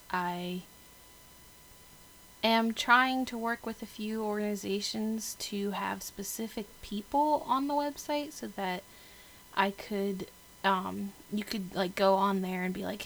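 A woman's voice: medium pitch, fairly even intonation, slow pace, fairly bright tone, a little hiss or hum, poor audio. A woman hosting a casual solo podcast, bubbly and chatty, who laughs at herself and uses lots of filler words. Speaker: podcast host.

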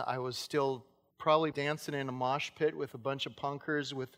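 Male pastor in his fifties, earnest storytelling sermon, fairly high voice, long church reverb. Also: fairly bright tone. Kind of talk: sermon with personal stories. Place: church sanctuary.

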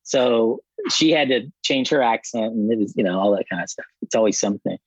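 A man who directs films, guesting on a podcast and telling stories in a relaxed, reflective way. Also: fairly low pitch, fairly quick, breathy edge, no room sound, poor audio. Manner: relaxed, reflective, many fillers. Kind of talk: casual interview chat.

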